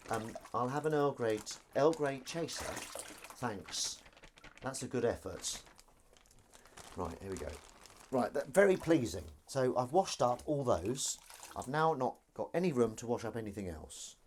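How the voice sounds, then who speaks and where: A man hosts a relaxed live stream from his kitchen while he does the washing up. He rambles in a self-deprecating way and reads viewer comments aloud. His voice moves up and down a lot, and faint kitchen noise sits behind it. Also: mid-range voice. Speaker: livestream host. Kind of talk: casual live-stream chat.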